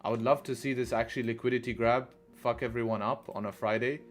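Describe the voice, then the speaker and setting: A male host of a live trading stream talks fast in a steady, medium-pitched voice while faint music plays. He keeps things casual with viewers, tagging remarks with "right?" and adding profane asides.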